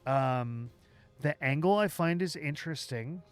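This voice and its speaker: A man hosting a livestream, walking through software live while thinking aloud, with halting restarts, and chatting with viewers as he works. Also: on the high side, clean tone, soft background music. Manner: chats with viewers while working. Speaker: livestream host.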